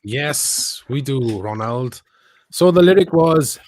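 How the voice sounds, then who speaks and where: A man's voice: fairly high pitch, expressive, a little slow, darkish tone, no room sound. A man co-hosting a podcast, cheerfully announcing a competition winner in casual chat.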